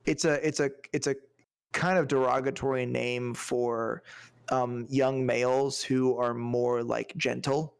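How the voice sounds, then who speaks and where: Gravelly man rambling in casual chat. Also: medium pitch, flat delivery, unhurried. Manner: rambling, searching for words with many fillers. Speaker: podcast co-host. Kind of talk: casual movie review chat.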